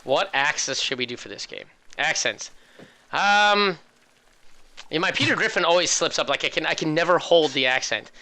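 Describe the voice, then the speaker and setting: A man's voice: a little high, expressive, moderate pace, bright, forceful tone. A man casually commentating a video game, joking and rambling, often restarting his sentences.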